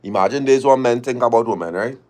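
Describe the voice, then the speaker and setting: A man hosting a livestream in casual, slangy banter, reacting in an animated way and calling listeners dog and boy. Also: mid-range voice, quick pace. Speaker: livestream host.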